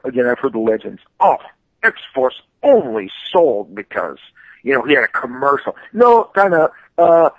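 A man guests on a podcast and tells stories about his career in a lively, tumbling rush. He often restarts his sentences with quick stammers. His voice sits in a middle register and sounds close and dry, with no room around it. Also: mid-range voice, dry recording, narrow, tinny audio. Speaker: podcast guest, comic artist. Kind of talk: casual storytelling.

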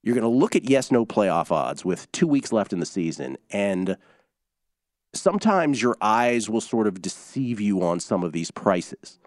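A man's voice: on the low side, big pitch swings, measured pace, no room sound, studio quality. A man hosting a sports betting radio show, talking loosely and rambling through scores and stats.

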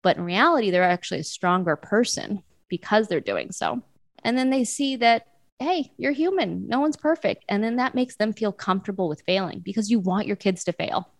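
A woman's voice: medium pitch, expressive, moderate pace, dry recording. A woman, probably in her thirties, giving casual, earnest parenting advice in an interview, with frequent fillers and restarts. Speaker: parenting guest.

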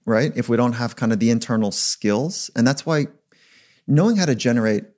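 Reflective man, mid-pitched voice. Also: expressive, moderate pace, darkish tone. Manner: reflective, emphatic. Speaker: performance psychologist guest. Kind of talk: podcast interview.

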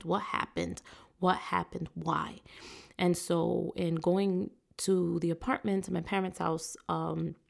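A woman's voice: fairly low pitch, creaky, dark tone. A woman hosting a solo podcast, talking to listeners with uplifting, preacher-like encouragement. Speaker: podcast host.

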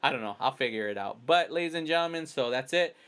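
A man's voice: medium pitch, expressive, quick pace, a bit bright, clear, resonant tone. A man hosting a podcast in casual chat, rambling through a long personal story and acting out his own quoted remarks. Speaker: podcast host.

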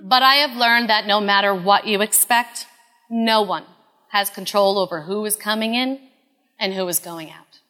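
A woman in her thirties telling a personal story in an earnest, confessional way, often dropping to a hush. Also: medium pitch, normal speed, in a large hall. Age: 30s.

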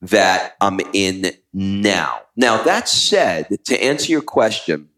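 Brief: middle-aged male co-host, lively storyteller, swoops up and down in pitch, relaxed travel talk. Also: slow pace. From United States. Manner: animated storyteller, acts out quotes. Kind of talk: casual travel chat.

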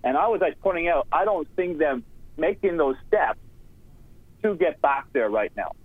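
A man calling in to a sports talk show over a tinny phone line, his voice on the high side. He rambles and turns sarcastic, with lots of fillers. The line sounds dry, with no room around it. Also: animated, normal speed, no room sound. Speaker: caller. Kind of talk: sports radio call-in.

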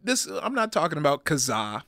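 A man's voice: on the high side, sing-song, a little fast, fairly bright tone, no echo, clean studio sound. A man co-hosting a podcast in casual chat, rambling and joking, with frequent restarts. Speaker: podcast co-host.

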